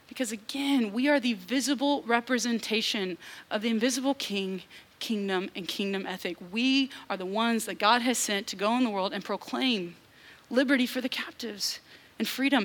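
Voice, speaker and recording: A young woman preaching a sermon, animated, with casual asides and acted-out voices. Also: fairly high pitch.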